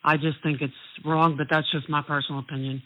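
A woman's voice: low-pitched, level tone, a little fast, phone-quality sound. A woman from New York with a New York accent, calling in to a talk radio show and chatting in a friendly, easy way. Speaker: caller. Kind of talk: phone-in chat.

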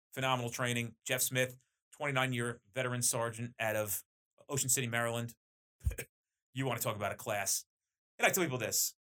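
A man's voice: mid-range voice, moderate pace, long pauses. A man who runs police training, talking in a casual, enthusiastic podcast conversation. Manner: animated, enthusiastic storyteller. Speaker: police training company owner.

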